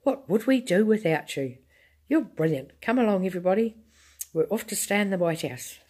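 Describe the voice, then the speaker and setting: A woman voicing an excitable, eccentric male chocolatier who bustles and exclaims. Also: mid-range voice, normal speed, husky, voice pushed up. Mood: delighted.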